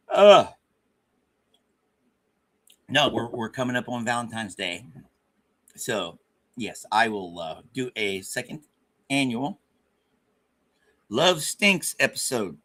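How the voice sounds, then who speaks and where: A man's voice: mid-range voice, bright, forceful tone. A man hosting a casual livestream, rambling and joking at his own expense with frequent stammered restarts. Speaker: livestream host.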